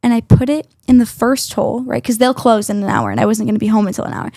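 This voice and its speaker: A woman's voice: on the high side, very animated, fast, gravelly, mellow, no room sound, studio quality. A teenage girl co-hosting a casual podcast, telling chatty stories and tagging lines with "right?" and "okay?". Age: teens. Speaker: co-host.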